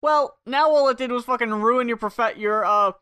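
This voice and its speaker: A man's voice: very high-pitched, moderate pace, bright, forceful tone, clean tone, no room sound. A man co-hosting a podcast, chatting casually with a sarcastic, analytical edge. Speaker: podcast co-host. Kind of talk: casual chat.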